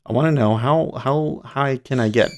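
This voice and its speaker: A man hosting a livestream in casual chat, rambling and breaking off mid-sentence, often laughing. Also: mid-range voice. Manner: rambling, self-interrupting, quick to laugh. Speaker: livestream host.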